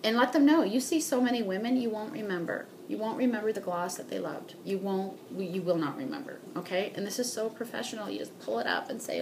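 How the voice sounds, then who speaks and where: Animated woman coaching sales with okay tags. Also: mid-range voice, fast talker, creaky, hardly any pauses, background noise. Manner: animated, acts out customers' lines, tags sentences with okay. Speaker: beauty consultant trainer. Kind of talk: sales training talk.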